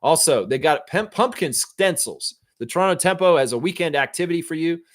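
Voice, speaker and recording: A man's voice: a little high, lively intonation, a little fast. Casual, swearing male stream host. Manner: loose, swears freely, reads viewer comments aloud. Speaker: host of a fan live stream. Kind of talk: casual live-stream chat.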